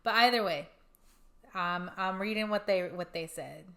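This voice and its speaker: A woman's voice: mid-range voice, moderate pace, fairly bright tone. A woman co-hosting a podcast, casually reading out ghost stories from her notes with giggly asides. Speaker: podcast co-host.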